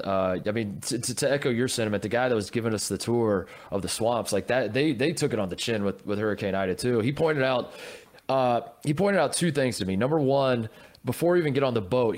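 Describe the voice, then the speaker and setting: A man co-hosting a podcast, telling a story in casual chat with lots of restarts and stammers. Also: on the low side. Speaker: podcast co-host.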